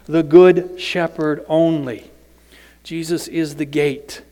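A high-pitched man preaches in a slow, clear, resonant voice. He tells stories emphatically and sometimes drops to a whisper. A long hall reverb follows every word. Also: fairly even intonation, warm tone. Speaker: preacher and teacher. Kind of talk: sermon.

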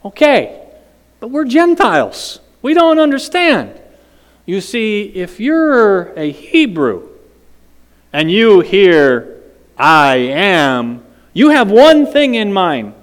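A high, clear male voice preaching slowly and dramatically, throwing questions out to the congregation. The sound rings with a long church-hall reverb. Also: huge pitch swings. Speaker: pastor. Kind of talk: sermon.

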